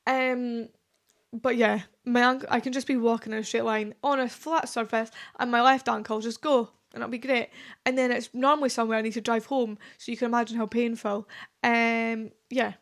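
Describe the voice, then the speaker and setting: A woman's voice: on the high side, flat delivery, normal speed. A young woman in her twenties hosting a solo podcast, talking in a chatty, confessional way with lots of fillers. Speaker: podcast host. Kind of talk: casual solo podcast chat.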